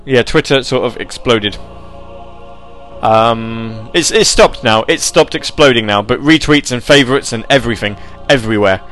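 A man hosting a casual live radio show, rambling and animated as he reads chat messages and tells stories. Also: medium pitch, moderate pace, soft background music.

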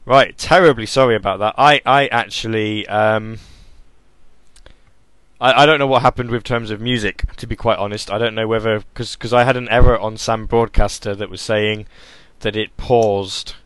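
A man's voice: fairly low pitch, steady tone, moderate pace, a bit bright, no echo. Rambling man hosting an online stream. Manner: rambling, self-interrupting, apologetic. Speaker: podcast host. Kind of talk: casual chat on an online radio stream.

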